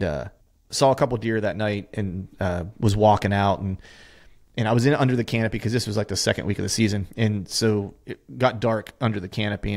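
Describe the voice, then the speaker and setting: A man as a podcast guest, chatting casually, laughing easily and talking loosely with lots of fillers. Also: on the low side. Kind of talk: casual chat.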